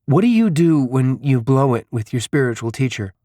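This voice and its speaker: A man's voice: medium pitch, sing-song, normal speed, dark tone, no echo, clean studio sound, close to an everyday voice. Man voicing an earnest, troubled young man. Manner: earnest, slightly pleading. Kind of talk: audiobook character reading.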